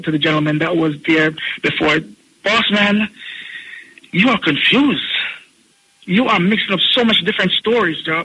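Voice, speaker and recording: High, sharp-voiced Jamaican man ranting. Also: slight background noise, poor audio. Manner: mocking, scolding, preachy. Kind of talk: heated ranting monologue.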